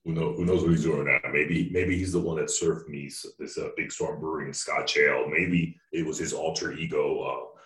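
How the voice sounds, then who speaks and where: Very deep-voiced man in echoey room. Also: fairly even intonation, normal speed, few pauses, a bit bright. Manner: rambling, jokey, restarts often. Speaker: podcast co-host. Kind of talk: casual podcast chat. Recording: echoey room, distant mic.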